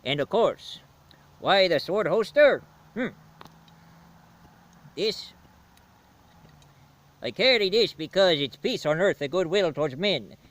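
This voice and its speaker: A man voicing a jolly, booming Santa Claus with a mock Swedish accent and a hearty ho-ho laugh in a comedy sketch. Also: expressive, measured pace, long pauses, fairly bright tone. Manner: hearty, rambling, jokey.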